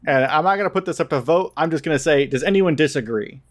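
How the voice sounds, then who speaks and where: A man's voice: on the high side, quick pace. A man playing a tabletop game who eagerly lays out his plan at length, checking in with "right?" as he goes. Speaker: player.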